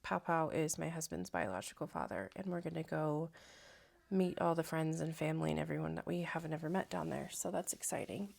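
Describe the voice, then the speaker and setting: A young woman, a stay-at-home mom, talking to camera in a casual vlog, soft and reflective with many hesitant fillers. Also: sits low, a little fast. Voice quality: gravelly vocal fry.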